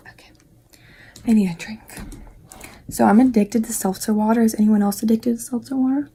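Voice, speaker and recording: A woman's voice: a little high, fairly even intonation, a little fast, long pauses, dark tone, slight background noise. A young woman from West Virginia chatting casually through a makeup tutorial, rambling and dropping into whispered asides. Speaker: beauty vlogger.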